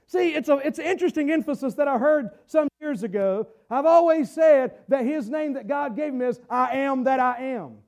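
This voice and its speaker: A middle-aged man preaching a sermon as pastor, emphatic, repeating phrases and rising at times to shouts. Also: very high voice, moderate pace.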